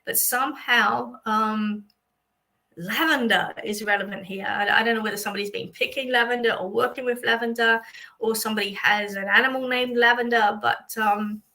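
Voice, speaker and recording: A woman's voice: on the high side, fairly even intonation, normal speed, pushed and bright, rough recording. An Australian woman, a psychic medium, chatting through a livestream reading for viewers with many fillers and a reassuring manner.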